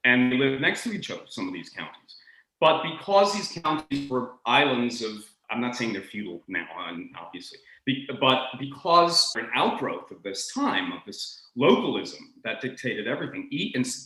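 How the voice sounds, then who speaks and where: A man talking about the history of accents as a guest, animated and expressive, often restarting his sentences. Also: medium pitch, echoey room, poor audio. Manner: expressive, acts out accents in quick asides; frequent restarts and stammered repeats. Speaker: guest speaker on linguistics. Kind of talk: animated conversational lecture.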